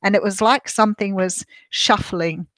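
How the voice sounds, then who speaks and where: A woman's voice: medium pitch, moderate pace, a bit bright, dry recording. Chatty older Australian woman, dry sound. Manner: rambling and chatty, with frequent ums and restarts. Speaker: tarot reader and medium hosting a live stream. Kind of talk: casual live-stream chat. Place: a room at home.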